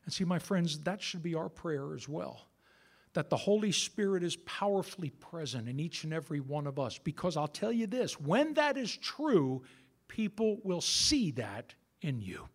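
A man's voice: a little high, big pitch swings, moderate pace. A middle-aged man preaching a sermon to his church in a conversational way, with asides to the congregation. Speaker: pastor. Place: church sanctuary.

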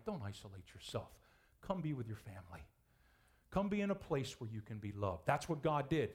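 A male pastor preaching a sermon to his church, animated and acting out the voices he quotes. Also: on the high side. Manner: animated, acts out quoted voices, chuckles often.

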